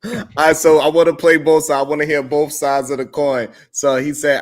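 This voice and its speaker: A man hosting a casual talk show, animated and laughing often as he puts questions to his co-host. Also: a little high, moderate pace.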